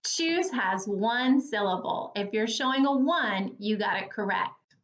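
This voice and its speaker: A woman teacher leading a phonics lesson for young children, speaking slowly and clearly with an encouraging tone. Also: mid-range voice, animated, a bit bright. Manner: slow, clear, encouraging, over-articulated.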